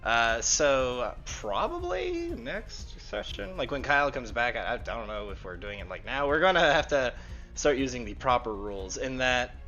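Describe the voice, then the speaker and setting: A man's voice: mid-range voice, big pitch swings, normal speed, pushed and bright, muffled recording, faint music behind. A man in casual chat on a tabletop gaming stream, laughing, rambling and swearing casually. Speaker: co-game master and player.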